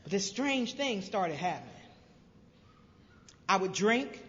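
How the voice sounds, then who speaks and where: A woman from South Carolina telling her recovery story to a crowd, a lively storyteller who acts out voices with humor. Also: mid-range voice, slow pace. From Greenville, South Carolina. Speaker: recovery speaker. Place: large convention hall. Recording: dull lo-fi convention hall recording with long reverb.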